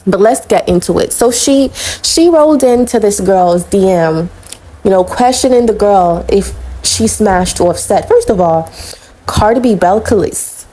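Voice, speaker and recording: A woman's voice: mid-range voice, lively intonation, a little slow, dark tone, a little hiss or hum, rough recording. A woman vlogging celebrity gossip in a casual, blunt and sassy way, calling out people and addressing viewers as honey. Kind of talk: casual opinionated commentary.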